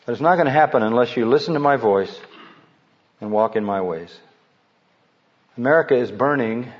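A man preaching a sermon, rising to loud, slow declamation when he quotes scripture. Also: medium pitch, lively intonation. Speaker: pastor. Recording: slightly muffled recording.

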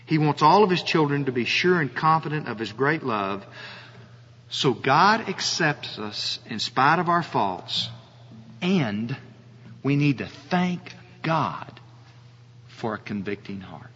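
A male pastor preaching a sermon, slow and earnest, often asking his listeners rhetorical questions. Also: fairly high pitch, lively intonation, pushed and bright, slight background noise. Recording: dull audio with long hall reverb.

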